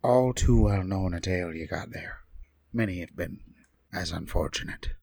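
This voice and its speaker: A man voicing a solemn adventurer in a deep, grave voice. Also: moderate pace, gravelly, darkish tone, no echo.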